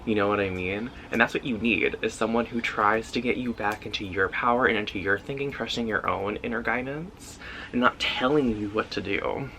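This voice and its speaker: A man talking through a tarot reading in a relaxed, intuitive way, with lots of "like" fillers. His voice sits a bit low but has a bright, tense edge. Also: normal speed, a little hiss or hum, poor audio. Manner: loose and intuitive, heavy use of "like" fillers. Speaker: tarot reader. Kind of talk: casual pick-a-card tarot reading.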